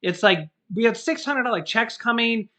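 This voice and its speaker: Guy cohosting a casual news show, chatty and jokey, bright voice. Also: very high-pitched, lively intonation, moderate pace. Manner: chatty, jokey, acts out quotes. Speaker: co-host.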